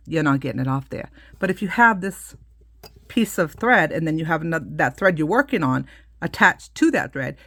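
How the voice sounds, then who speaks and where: Middle-aged woman, how-to teacher, chatty and loose, gravelly low voice. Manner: chatty, explains hands-on with many asides. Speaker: craft teacher. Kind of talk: casual how-to demonstration.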